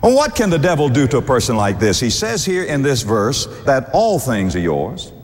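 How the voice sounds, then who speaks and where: A man's voice: mid-range voice, big-room sound. A man preaching a sermon, stretching out scripture quotes and chuckling now and then. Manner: animated, drawn-out scripture quotes, warm chuckles.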